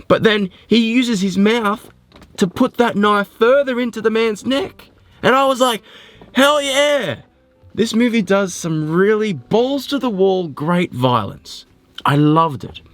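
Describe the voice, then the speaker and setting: A man reviews a film in a loose, talky way, jumping between thoughts and teasing himself as he goes. His voice sits a little high for a man. The sound is dry and close, with no room around it. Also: no echo. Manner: animated, rambling, self-mocking. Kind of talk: casual spoken film review.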